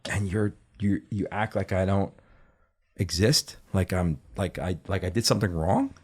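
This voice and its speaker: A man's voice: low voice, normal speed. A middle-aged man, a guest on a podcast, telling stories casually and with lots of swearing, acting out what other people said. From Brooklyn, New York. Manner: animated, profane storytelling that acts out other people's words. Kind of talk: casual chat.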